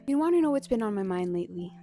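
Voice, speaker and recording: A woman's voice: mid-range voice, expressive, a little fast, mellow, soft background music. A woman in her twenties chatting casually at home, telling candid stories full of "like"s. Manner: chatty, candid storytelling with many "like"s. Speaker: vlogger. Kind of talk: casual chat to camera. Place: home, at a coffee station.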